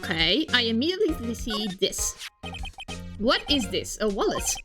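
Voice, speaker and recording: A woman's voice: a little high, big pitch swings, a little slow. A woman streaming a game, making giggly, self-mocking asides between lines. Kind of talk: casual game stream commentary. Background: game music.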